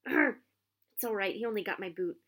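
A woman voicing a big, soft-hearted gamekeeper who talks gruffly and gets tearful. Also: mid-range voice, very fast, natural voice.

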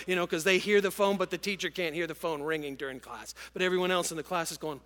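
A middle-aged man preaching a sermon to a congregation, telling stories in an animated, emotional way. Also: a little high, quick pace, hardly any pauses. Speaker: pastor. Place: large church auditorium with congregation. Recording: long church hall reverb.

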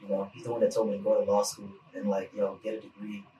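Relaxed male guest, rambles casually, mic set back in an echoey room. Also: on the low side, quick pace, slight background noise. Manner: laid-back, rambling, many fillers. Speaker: podcast guest. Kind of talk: casual chat. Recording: roomy, distant mic, faint ambience.

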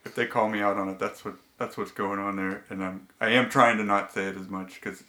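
A man's voice: on the low side, level tone, brisk, bright, forceful tone, slight background noise. A man hosting a casual podcast chat, speaking hesitantly and correcting himself often. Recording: echoey room.

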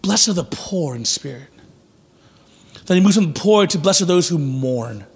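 A male pastor preaching a sermon in a conversational, animated way with acted-out asides, in a church sanctuary. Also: fairly high pitch, normal speed, breathy edge. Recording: long reverb of a large hall.

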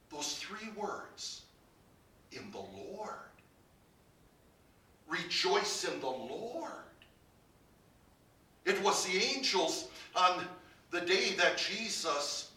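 A man preaching a sermon as pastor, building to emphatic peaks and dropping to quiet, low lines. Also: far from the mic, slight background noise. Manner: preaching with rising emphasis and soft drops. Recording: roomy, from off the mic.

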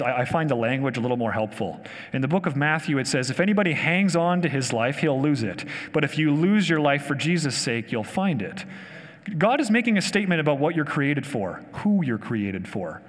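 A man preaching a conversational sermon, enthusiastic and asking his listeners questions. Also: a little high. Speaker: pastor. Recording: long hall reverb.

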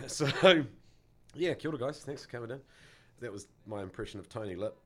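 A man's voice: mid-range voice, lively intonation, fairly quick, a little mellow. A man with a New Zealand accent co-hosting a casual podcast, joking around and laughing often. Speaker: podcast co-host. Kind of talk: casual chat. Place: Auckland.

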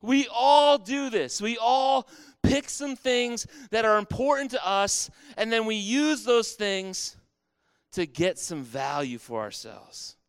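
A man preaching a sermon, talking to his congregation in a conversational way and circling back to repeat key phrases. His voice is clear and resonant, and it sounds close and dry, with no room echo. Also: high-pitched, lively intonation, slow pace. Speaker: pastor.

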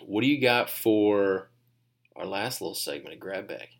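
A man's voice: lowish voice, animated, normal speed, vocal fry. A man co-hosting a podcast in a studio, chatting casually in a rambling, joking way. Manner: rambling, laid-back, joking. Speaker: podcast co-host. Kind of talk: casual chat.

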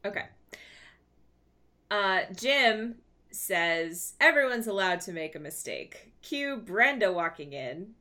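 A woman's voice: mid-range voice, sing-song, bright, forceful tone. A woman co-hosting a podcast, casually recapping TV scenes with a chatty manner. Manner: chatty, recounting scenes with quick laughs. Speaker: podcast co-host.

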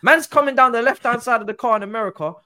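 A man telling an animated story in casual chat, acting out other people's voices. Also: very high-pitched, racing. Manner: animated, acts out quoted voices. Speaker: guest football pundit.

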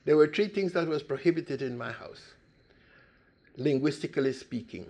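Older Costa Rican-born man, gravelly voice, animated emphatic storyteller who restarts phrases. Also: on the high side, moderate pace. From Limón province, Costa Rica. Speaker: speaker telling his life story. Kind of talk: personal storytelling talk.

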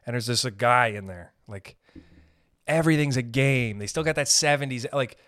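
A man hosting a podcast, ranting in a rambling, profane, comedic way and slipping into quick character voices. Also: mid-range voice, fairly bright tone, no echo, clean studio sound. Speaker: podcast host. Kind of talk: casual comedic rant.

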